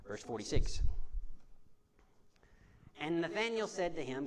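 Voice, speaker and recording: A man's voice: high voice, normal speed, a bit bright. A man preaching a sermon to a congregation in a church, talking conversationally, repeating key phrases and asking the room questions. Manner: conversational, repetitive preaching with call-and-response. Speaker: pastor. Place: church sanctuary before a congregation.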